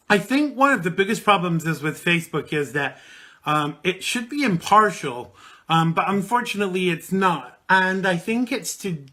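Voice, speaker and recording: Man around forty, radio host, high voice, bright tone, rambling, lots of fillers. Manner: rambling, with many fillers and restarts. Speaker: radio talk show host. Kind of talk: casual live call-in show chat.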